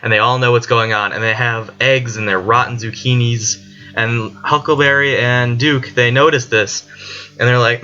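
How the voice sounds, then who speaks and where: A man's voice: medium pitch, fairly even intonation, normal speed, bright, forceful tone. A man, a student, giving a casual spoken summary of a book chapter, rambling along with many "like" fillers. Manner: rambling retelling full of "like" fillers. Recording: dull lo-fi recording with faint music.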